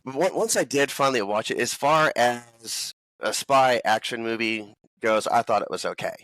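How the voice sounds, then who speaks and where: A man's voice: mid-range voice, moderate pace, fairly bright tone, no echo, poor audio. A man appearing as a guest on a film podcast, giving candid, rambling opinions. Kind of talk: casual chat.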